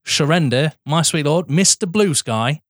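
A man's voice: on the high side, lively intonation, measured pace, no echo, clean studio sound. A man co-hosting a film podcast, chatting casually, swearing and laughing often. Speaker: podcast co-host.

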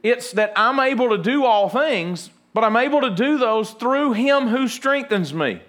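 A man's voice: very high-pitched, expressive, a little slow, fairly bright tone. A man pastor preaching a folksy, humorous sermon and acting out little everyday scenes.

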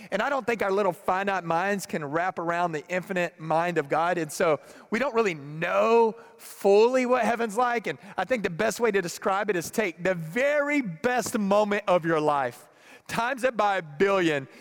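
A man preaching a sermon and reading scripture aloud, moving between hushed, grave passages and fervent, emphatic ones. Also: high-pitched, expressive, normal speed. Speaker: pastor. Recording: long hall reverb.

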